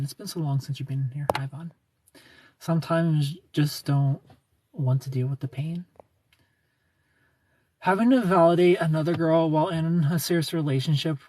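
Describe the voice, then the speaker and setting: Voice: mid-range voice, background noise. A young adult livestreamer chatting casually with viewers, sarcastic and laughing often as they answer comments by name. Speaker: livestreamer reading chat.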